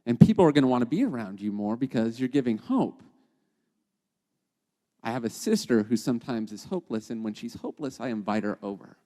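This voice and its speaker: A man of middle pitch gives a conversational devotional teaching, talking straight to his listeners and constantly checking in with quick questions. His voice trails off into a long, lingering reverb, as if he were in a big open room. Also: big pitch swings, warm tone. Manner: chatty, keeps checking in with "okay?" and "right?". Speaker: podcast host and teacher.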